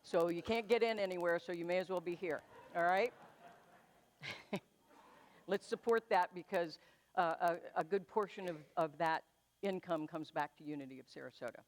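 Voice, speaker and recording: A woman minister giving chatty, self-deprecating church announcements, then leading a slow, soothing guided meditation in a church sanctuary. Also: lowish voice.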